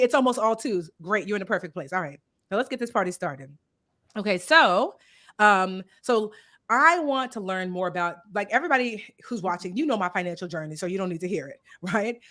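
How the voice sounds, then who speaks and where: A woman's voice: medium pitch, fairly bright tone. A woman hosting a livestream, playful and upbeat, speaking in a slangy, casual way. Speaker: host.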